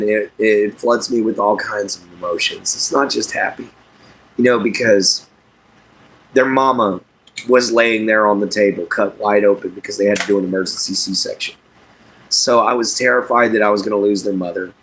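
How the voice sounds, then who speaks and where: A middle-aged man from Southeast Texas, chatting casually and haltingly with his livestream viewers by name, with lots of fillers. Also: on the low side, fairly bright tone. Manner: unhurried, halting, many fillers, talks to chat by name. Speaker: livestream host.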